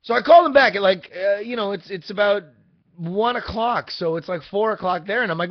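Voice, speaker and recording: A young man hosting a video, telling a casual, rambling story in an exasperated, animated way. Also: high-pitched, a little fast. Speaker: vlog host. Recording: dull lo-fi audio.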